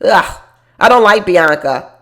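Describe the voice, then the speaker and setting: A woman's voice: medium pitch, lively intonation, a little slow, a bit bright. A woman hosting a casual recap show, chatting to her viewers in a gossipy, laughing way about a reality program. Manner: speaks straight to viewers as "y'all".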